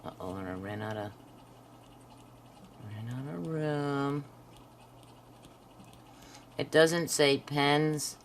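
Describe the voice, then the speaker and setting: A woman hosting a craft video, chatting to viewers while she swatches pens and dropping into soft half-whispered asides. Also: extremely low pitch, a little hiss or hum. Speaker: craft channel host. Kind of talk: casual swatching narration.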